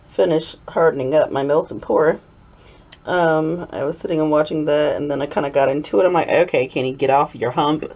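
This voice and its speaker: Chatty husky-voiced woman, low and lively. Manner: chatty, giggly, rambling asides; drifts into a playful Southern drawl when excited. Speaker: soap-making video host. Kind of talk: casual chat while crafting. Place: home workshop.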